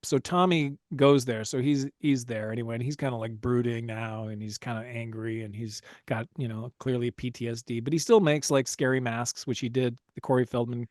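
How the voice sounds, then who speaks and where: A man's voice: medium pitch, fairly even intonation, a little fast, hardly any pauses, a little mellow, no echo, clean studio sound. A man hosting a casual movie-recap podcast, telling the story with lots of energy and frequent laughter. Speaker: podcast host.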